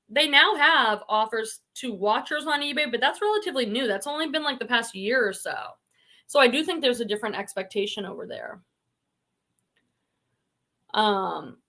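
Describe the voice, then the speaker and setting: A middle-aged woman who runs a reselling channel hosts a casual live stream about online reselling, chatting and reading viewer comments aloud. Her voice is fairly high with a sharp tone.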